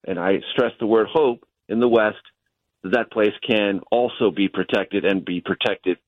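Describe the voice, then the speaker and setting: A man's voice: lowish voice, no room sound. Man analyzing the news over a phone line. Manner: measured, analytical, stresses key words. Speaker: chief Washington correspondent, guest. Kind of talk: radio news interview. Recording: tinny dry phone line.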